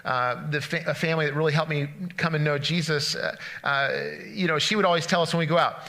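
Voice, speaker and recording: A pastor delivers a casual sermon built around retelling a story, his voice bright, forceful and pitched slightly high. He speaks in rapid bursts, acting the tale out and frequently restarting his phrases.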